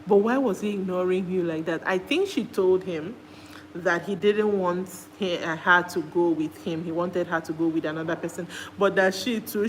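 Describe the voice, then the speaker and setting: A woman from Nigeria vlogging, retelling a show in a casual, chatty way with animated jumps into high-pitched exclamations. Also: a little hiss or hum, rough recording.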